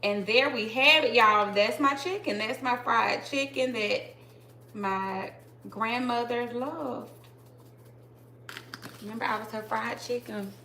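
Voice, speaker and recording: A woman's voice: a little high, takes it slowly, pauses often, pushed and bright, slight background noise, poor audio. A woman hosting a casual live cooking stream from her home kitchen, chatting to her viewers and calling out to them constantly as she cooks. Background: clatter of pots and dishes.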